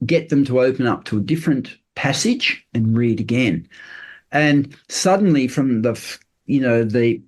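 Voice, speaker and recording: Older man explaining earnestly. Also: medium pitch. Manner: earnest, explanatory, with many fillers and restarts. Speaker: guest. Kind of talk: casual interview chat.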